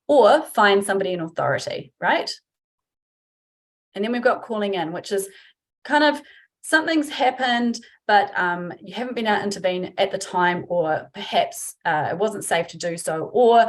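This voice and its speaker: A woman's voice: medium pitch, expressive, normal speed. A woman giving a webinar talk as a workplace trainer, chatty and informal, acting out example phrases. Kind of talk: webinar presentation.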